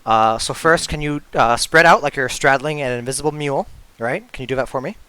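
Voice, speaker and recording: A man leads a tabletop session as dungeon master, patient and full of fillers. His throat is sore, yet his voice stays bright and smooth. The sound is dry and close. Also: mid-range voice, a little fast, no room sound. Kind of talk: narrating a tabletop game over voice chat.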